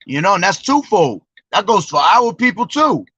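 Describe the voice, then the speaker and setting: Guy preaching in a bright sharp voice, slangy and cussing, dry close sound. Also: sits high, sing-song, moderate pace, breathy edge, dry recording. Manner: profane, slangy, emphatic. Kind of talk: informal preaching with scripture readings. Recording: dull lo-fi dry recording.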